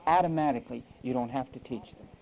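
A man's voice: mid-range voice, fast talker, creaky, darkish tone, low-quality recording. A male preacher delivering an emphatic sermon full of rhetorical questions.

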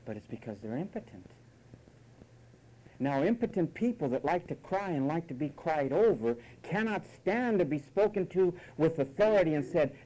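Dark-toned animated male preacher. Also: a little high, moderate pace, slight background noise, rough recording. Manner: emphatic, mocking, imitates whiny voices. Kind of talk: sermon.

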